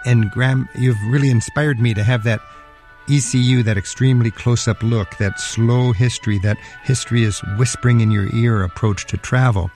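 A man's voice: medium pitch, fairly even intonation, moderate pace, a little mellow, soft background music. A man hosting a radio travel interview, chatty and enthusiastic, with frequent fillers. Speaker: radio travel show host.

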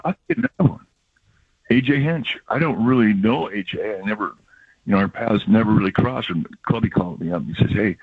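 Older husky man telling radio stories. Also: lowish voice, no echo. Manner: reflective, rambling storyteller with laughs. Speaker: baseball broadcaster, regular guest. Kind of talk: emotional casual radio chat. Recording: dull lo-fi radio audio.

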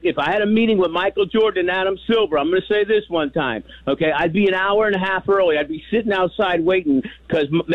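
An older man from New York calling in over a tinny, dry phone line. His voice sits slightly high, and he rambles through his stories with many restarts. He keeps the telling animated as he goes. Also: dry recording. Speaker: caller. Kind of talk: call-in radio chat.

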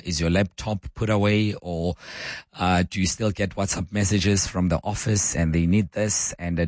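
Croaky south african guy hosting talk radio, deep voice, dry studio, keeps asking listeners stuff. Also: no echo. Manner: chatty, asks listeners questions. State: hoarse. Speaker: radio talk show host.

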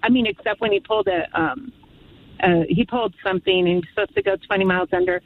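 A woman's voice: mid-range voice, fast talker. A woman caller on a radio call-in show, reminiscing fondly about her late father, rambling and near tears. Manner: emotional, rambling, fond reminiscing. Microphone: phone. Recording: phone line.

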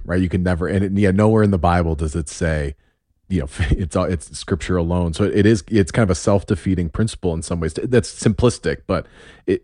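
A man hosts an easygoing conversation, thoughtful as he asks probing follow-up questions. His voice is very deep and low. The recording is dry, with no room sound. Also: warm tone, no room sound. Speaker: host. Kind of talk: casual conversation.

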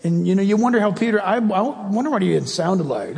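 A man's voice: high-pitched, lively intonation, fairly quick, gravelly, darkish tone, in a large hall, a little hiss or hum. A male preacher giving an emphatic, conversational sermon and asking the congregation direct questions.

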